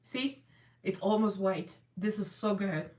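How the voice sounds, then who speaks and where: A woman's voice: medium pitch, measured pace, darkish tone. A woman hosting a casual live makeup chat, chatty and rambling, laughing often as she works. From Russian American. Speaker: makeup livestream host. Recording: echoey room, voice a little far from the mic.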